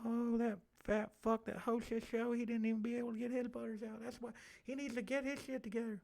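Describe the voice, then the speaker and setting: A man's voice: level tone, brisk, creaky, darkish tone. A man voicing the ghost of an effeminate southern man with a lisp. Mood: campy. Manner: high, campy, lisping put-on voice. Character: flamboyant lisping southern man's ghost.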